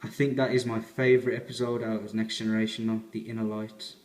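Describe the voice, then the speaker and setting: A man's voice: lowish voice, little pitch movement, fast, a little mellow, roomy sound, slight background noise. A man giving a rambling, chatty fan review as he unboxes a collector's set.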